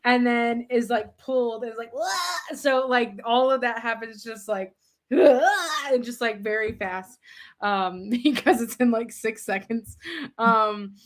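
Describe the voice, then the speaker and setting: A woman's voice: a little high, a little slow. A woman player at a tabletop game, rambling through her turn with lots of filler words and giggles. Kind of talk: casual tabletop game play.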